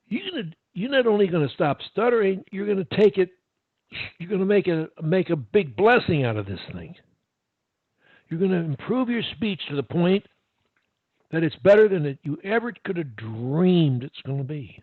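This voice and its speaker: A man's voice: on the high side, lively intonation, moderate pace, pauses often, no echo. A man coaching a stutterer one-on-one over a call, upbeat and repetitive, giving pep-talk instructions. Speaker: speech coach. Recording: tinny phone-like line.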